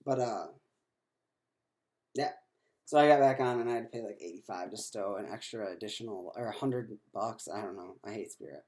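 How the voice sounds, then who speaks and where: A man's voice: lowish voice, normal speed, a little mellow. A man in his twenties talking in a rambling video diary, full of fillers and restarts, sounding worn out. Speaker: vlogger.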